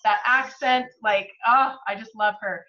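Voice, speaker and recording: A woman speaking as a guest on a team video call, emotional and quick to laugh. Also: fairly high pitch, steady tone, sharp tone, lo-fi sound. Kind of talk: casual chat on a video call.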